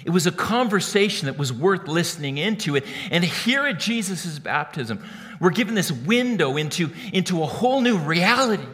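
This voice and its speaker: A man preaching a sermon in an animated way, often repeating words as he starts a phrase. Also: on the high side, in a large hall. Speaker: pastor.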